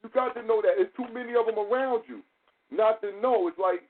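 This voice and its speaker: A man's voice: high voice, brisk. A man hosting a podcast, telling stories in a loose, profane way and acting out other people's lines as he goes. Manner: loose, profane storytelling with quoted dialogue. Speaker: podcast host. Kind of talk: casual podcast talk. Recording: tinny phone-like audio with faint hiss.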